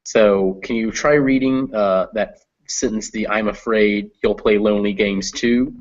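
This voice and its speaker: A man leads an online English pronunciation class, explaining stress and vowels patiently. He models example words slowly and carefully. His voice comes through a dull, lo-fi call line. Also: fairly low pitch, fairly even intonation.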